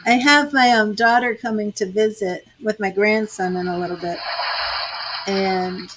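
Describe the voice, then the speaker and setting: A woman's voice: medium pitch, steady tone, a little slow, background noise. An older woman giving tarot readings on a live stream, chatting with viewers by name. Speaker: tarot reader.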